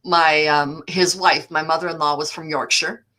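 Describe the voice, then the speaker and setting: A woman hosting a casual video-call chat, telling stories in a chatty, animated way. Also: deep voice, normal speed, crowd noise. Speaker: host.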